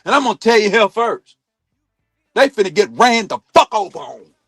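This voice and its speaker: Heated, high-voiced man ranting about football. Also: big pitch swings, normal speed, breathy edge, dry recording, soft background music. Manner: heated, blunt, swears a lot, swings loud and quiet. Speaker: sports talk show host. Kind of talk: profane sports opinion rant. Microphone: streaming mic.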